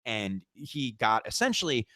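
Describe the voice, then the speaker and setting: A man's voice: medium pitch, measured pace, no room sound, clean studio sound. A man co-hosting a podcast, telling a tour story in casual chat, swearing a lot and acting out what people said. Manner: animated, swears a lot, acts out quotes. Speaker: podcast co-host.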